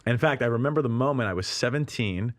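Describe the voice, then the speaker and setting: A man from Canada, a ministry leader, telling his story as an interview guest in a lively, animated way, acting out quoted dialogue and laughing often. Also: mid-range voice, fast talker, dry recording, studio quality.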